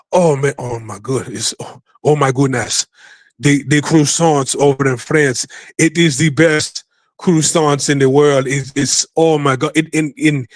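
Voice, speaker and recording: Profane rambling man, higher voice. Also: no room sound. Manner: profane, rambling, repeats himself. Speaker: podcast host. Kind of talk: casual commentary.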